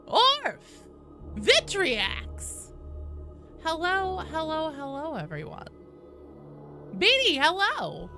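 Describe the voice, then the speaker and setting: Lively, bright-voiced woman game streamer. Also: high voice, very slow, long pauses, soft background music. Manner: animated, swears casually, reads out chat names. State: sleep-deprived and tired. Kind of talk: casual live-stream chat.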